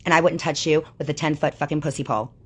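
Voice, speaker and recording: A woman's voice: low-pitched, steady tone, fast talker, husky. A woman on a livestream delivering an angry, profanity-laden rant that calls people out. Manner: furious, swearing constantly, calling people out.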